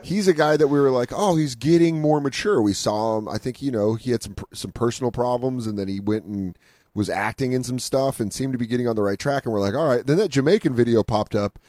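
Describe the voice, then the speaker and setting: Comedy podcast dude riffing and cursing, dry studio mic, normal pitch. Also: male voice, dark tone, dry recording. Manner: profane, riffing, quick impressions. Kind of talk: casual comedic banter. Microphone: handheld studio mic.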